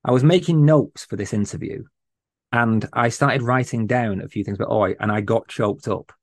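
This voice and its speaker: A man with a voice of ordinary pitch, speaking as a guest on a podcast. He talks in a casual, earnest and passionate way. The sound is dry and close, with no room echo. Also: moderate pace. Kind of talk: casual chat.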